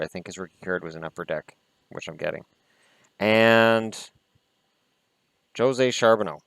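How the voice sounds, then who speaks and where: A man with a fairly low voice chats casually through a vlog, opinionated and quick to swear mildly. The sound is dry and close, with no room echo. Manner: chatty and opinionated, with mild swearing. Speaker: hockey vlogger. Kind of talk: casual card-opening vlog chat.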